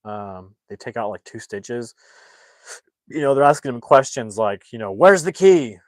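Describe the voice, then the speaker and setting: This man, a movie reviewer and livestream host, speaks at a fairly low pitch and a moderate pace, with no room sound at all. He retells a film's plot casually and ramblingly, restarting often and animatedly acting out the characters' lines.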